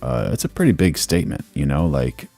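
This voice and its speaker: Very deep gravelly man streaming casually. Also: big pitch swings, brisk, dark tone, soft background music. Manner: laid-back, rambling, slangy. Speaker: live reaction streamer. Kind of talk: casual live-stream commentary.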